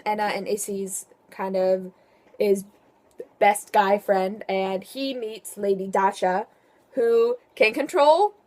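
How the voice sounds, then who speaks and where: A teenage girl chatting casually about her favourite books in a vlog, with playful, sarcastic asides. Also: mid-range voice. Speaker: book vlogger. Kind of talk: casual book review vlog.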